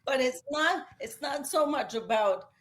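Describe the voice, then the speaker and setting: Animated Brooklyn woman telling stories. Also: high-pitched, measured pace. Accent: New York. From Brooklyn, New York. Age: middle-aged. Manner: animated, emotional storyteller, voice rising as she tells it. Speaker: guest author. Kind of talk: casual storytelling interview.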